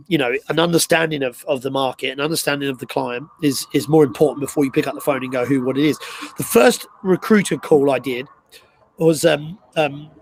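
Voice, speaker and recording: A man's voice: mid-range voice, vocal fry, no room sound, low-quality recording. A man co-hosting a live chat, telling stories with many fillers and restarts. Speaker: co-host and recruiter.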